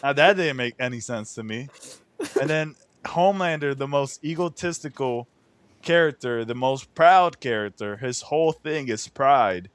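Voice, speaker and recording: A man's voice: mid-range voice, animated, normal speed, clean tone, dry recording. A man hosting a casual podcast chat, ranting in a profane, incredulous way. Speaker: podcast host.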